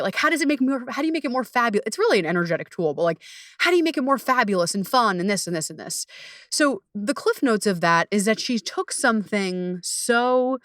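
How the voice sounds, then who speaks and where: A young adult woman coach hosts her own podcast in a loose, animated solo talk. She swears freely, laughs often and leaps into high, excited bursts. The sound is dry and close to the mic, with no room behind her. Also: dry recording.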